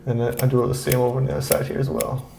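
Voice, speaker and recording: A man talking through a beard trim in a relaxed, chatty way, with lots of fillers and repeated words. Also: mid-range voice, rapid-fire, gravelly, reverberant, a little hiss or hum. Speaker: beard grooming vlogger. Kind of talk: relaxed how-to talk while trimming.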